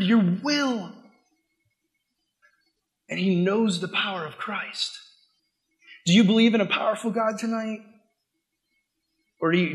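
A young man preaching a sermon to a youth group, swinging between loud emphatic bursts and quiet asides. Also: on the high side. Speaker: youth pastor.

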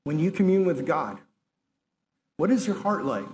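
High-voiced man preaching conversationally. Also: moderate pace. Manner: earnest, conversational, talks straight to listeners; acts out God's and Elijah's words in lively asides. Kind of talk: sermon.

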